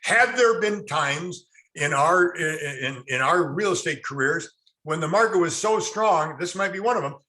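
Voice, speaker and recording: A middle-aged man teaching a real estate class, telling folksy stories and speaking directly to his students. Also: fairly high pitch. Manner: animated, folksy storyteller, addresses class directly.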